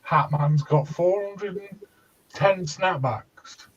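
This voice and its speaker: A man's voice: high voice, takes it slowly, slight background noise. Man on dull lo-fi audio. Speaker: vape reviewer and show regular. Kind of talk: casual live-stream banter.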